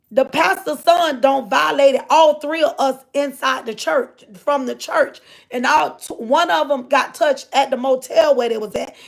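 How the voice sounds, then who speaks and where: Woman livestreamer, high voice, rambling storyteller who keeps talking straight to her viewers. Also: gravelly. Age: adult. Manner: rambling, repeats phrases, often addresses listeners directly. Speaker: livestreamer reading viewer comments.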